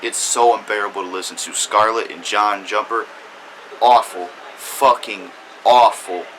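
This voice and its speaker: A man ranting about a song in a loud, profane, exaggerated commentary full of cursing. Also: lowish voice, steady tone, measured pace, slight background noise, poor audio. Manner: angry, cursing, exaggerated outbursts. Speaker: music reviewer.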